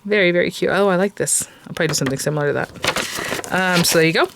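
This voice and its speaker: This craft channel host races through a casual unboxing chat, enthusiastic and full of fillers and restarts. Her pitch is fairly low, and there's background noise.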